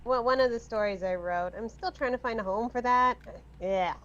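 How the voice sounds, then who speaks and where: A woman's voice: on the high side, moderate pace, fairly bright tone, highs cut off. A woman guest in a casual chat, hesitant, restarting her sentences and giggling. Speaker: guest, voice actor.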